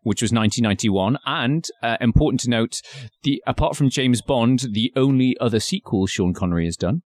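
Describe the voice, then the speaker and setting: A man's voice: medium pitch, a little fast, darkish tone. A man hosting a casual film podcast, rambling and joking, now and then slipping into silly put-on voices. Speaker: podcast host.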